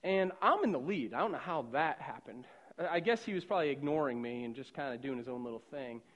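A middle-aged preacher from the Boston suburbs talks fast and animatedly at a medium pitch, captured in lo-fi sound. His loose, conversational sermon story moves between hushed and loud.

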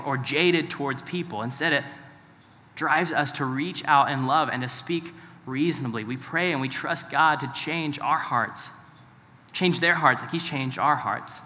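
Male pastor, conversational sermon, bright forceful tone, a touch high, long hall reverb. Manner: conversational, asks the congregation questions.

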